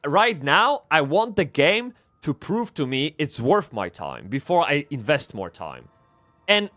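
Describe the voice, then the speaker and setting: A man streaming a game live, rambling and swearing as he swings from excited yelling to low muttering. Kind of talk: live gameplay commentary.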